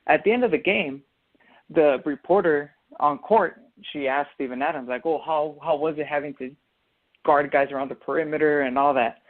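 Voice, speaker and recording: A man talks through a sports opinion in a loose, rambling podcast chat, leaning on fillers and restarts. His voice sits a little high for a man, and the sound is thin and narrow like a phone line. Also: normal speed. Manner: rambling, filler-heavy explaining. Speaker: podcast co-host. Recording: tinny phone-like audio.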